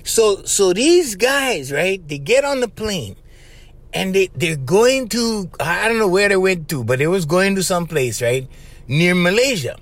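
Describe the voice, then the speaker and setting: Lively high-voiced man riffing. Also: measured pace. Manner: animated and conspiratorial, tags lines with "bro" and "right?". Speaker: podcast host. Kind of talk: casual rambling monologue.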